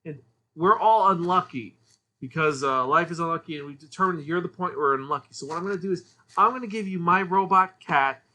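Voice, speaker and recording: A man's voice: fairly high pitch, fairly quick, pushed and bright. A man doing an eager boy from the future. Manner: eager, explanatory. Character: earnest young boy, descendant from the future.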